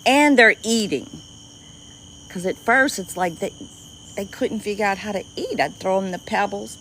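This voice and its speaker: A woman with a Cajun accent and a squeaky voice, chatting casually with viewers on a livestream from an outdoor dock at night. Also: normal speed, fairly bright tone, slight background noise, poor audio. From Louisiana. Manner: chatty, greets viewers by name, easily delighted. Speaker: livestream host. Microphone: phone livestream.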